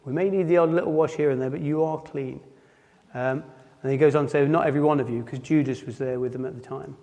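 A man from Nottinghamshire, England, delivers an informal sermon in a reverberant hall. His voice is fairly high, steady and dark in tone, and his speech is halting, with frequent repeated words and restarts.

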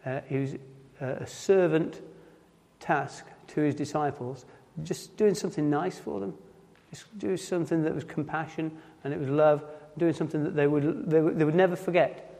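Male preacher with a Nottinghamshire accent, fairly high voice, loose stop-start delivery, long church reverb. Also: fairly even intonation, warm tone. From Nottinghamshire, England. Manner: halting, repeats words and restarts often. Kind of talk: informal sermon.

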